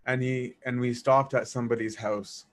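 A man casually telling a personal story, animated, acting out dialogue and laughing as he goes. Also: mid-range voice, normal speed. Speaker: storyteller recounting memories of a monk.

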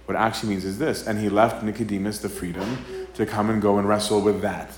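A man's voice: fairly low pitch, little pitch movement, fast. A male priest giving a casual, conversational sermon talk. He acts out quoted dialogue and keeps checking in with "right?". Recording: roomy live talk with faint ambience.

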